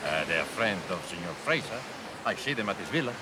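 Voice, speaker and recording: A shrewd ex-policeman who feeds tips in halting English. His voice rises and falls with animation. Surf and open-air ambience sit behind him. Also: sits low, lively intonation, very noisy. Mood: conspiratorial. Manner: broken English, conspiratorial. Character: shrewd Spanish ex-policeman informant, sly.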